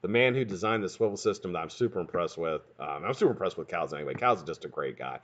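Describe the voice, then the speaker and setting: A man hosting his own live stream in casual, profane chat, greeting viewers by name and talking quickly. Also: low voice, expressive, muffled recording.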